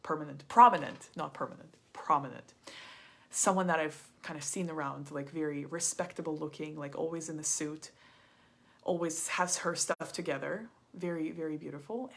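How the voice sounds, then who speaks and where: A woman's voice: deep voice, fairly bright tone, husky. A woman coach telling a personal story in a live masterclass, chatty and full of "like" and "kinda". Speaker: business coach.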